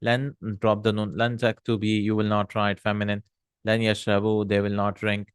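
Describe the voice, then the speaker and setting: A man's voice: fairly low pitch, monotone, moderate pace, clean tone, dry recording, clean studio sound. A man teaching an Arabic grammar lesson, reading Arabic lines aloud and then translating them step by step, with frequent hums and uhs.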